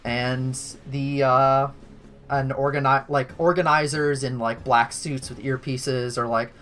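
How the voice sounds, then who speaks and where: A game master narrating a tabletop game in a casual, rambling way, full of fillers. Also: female voice, a bass voice, flat delivery, unhurried, a bit bright.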